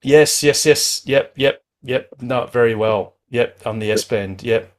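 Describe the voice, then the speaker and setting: A man's voice: mid-range voice, unhurried. A man hosting a club call-in show, giving casual, reassuring advice in a chatty way with frequent restarts. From Australia. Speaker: club host.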